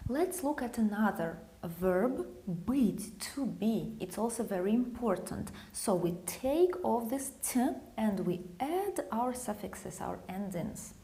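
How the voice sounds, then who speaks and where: A woman's voice: fairly high pitch, a little mellow. A woman with a Russian accent teaching grammar, patiently repeating example phrases. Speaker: language teacher.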